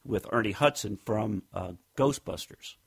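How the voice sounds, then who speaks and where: A man's voice: lowish voice, unhurried, creaky, slightly rough. A man co-hosting a casual podcast, telling rambling stories and acting out what people said. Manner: rambling storyteller, acts out quotes. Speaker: podcast co-host. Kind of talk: casual chat.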